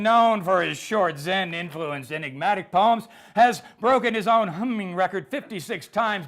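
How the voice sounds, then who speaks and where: A man, a poet, giving a live humorous poetry reading with deadpan, rhythmic comic delivery. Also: a little high.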